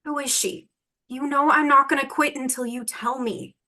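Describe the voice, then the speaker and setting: Bright-toned actress as a young woman pressing hard for the truth, fairly high voice. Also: steady tone, normal speed. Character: young woman demanding the truth about her mother. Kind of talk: acting class scene.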